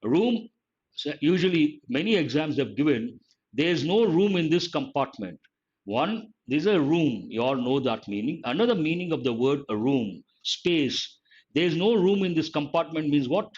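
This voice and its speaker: An older man with an Indian English accent teaching an online grammar lesson, emphatic and repeating key phrases slowly. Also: a little high, sing-song, darkish tone. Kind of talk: online exam-prep lesson. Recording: slightly dull lo-fi audio.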